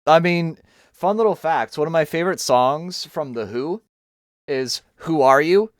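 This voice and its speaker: A man's voice: fairly high pitch, expressive, unhurried, no echo, clean studio sound. A young man streaming from home, chatting casually and rambling while he draws, joking and poking fun at himself. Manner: rambling, joking, self-mocking. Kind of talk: casual chat while drawing.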